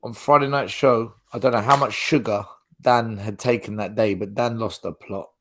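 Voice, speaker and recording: A man's voice: fairly low pitch, fairly even intonation, normal speed, fairly bright tone, slight background noise. An English man, a guest on a live fan stream, telling teasing stories about a friend. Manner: teasing storyteller.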